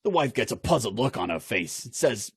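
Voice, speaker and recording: Forty-something guy telling jokes, lively pitch, a bit husky. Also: brisk, no room sound, studio quality. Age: 40s. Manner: chatty, anecdotal. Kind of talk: casual joke telling.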